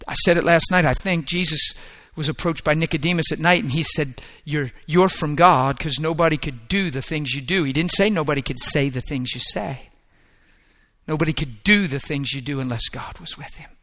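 A man preaching a sermon with an emphatic, repetitive cadence, swinging between hushed murmurs and rising, shouted exhortation. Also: on the high side, normal speed.

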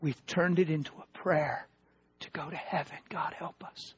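A pastor preaching a sermon, swinging from loud emphatic proclamations to hushed asides. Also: male voice, a little high, fairly even intonation, normal speed, slightly rough, dull audio.

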